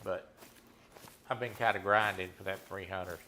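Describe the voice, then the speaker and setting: During a hunting game stream, a man casually chats with viewers and teases them in a laid-back manner. His low voice is bright and forceful, with fairly even intonation at a moderate pace, over slight background noise.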